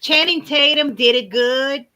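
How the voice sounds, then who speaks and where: A woman with a Cajun accent speaks frankly and with strong opinions. Her voice is bright and sharp, with a fairly high pitch. She talks in a plain, casual way. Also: unhurried. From Louisiana. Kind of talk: casual chat.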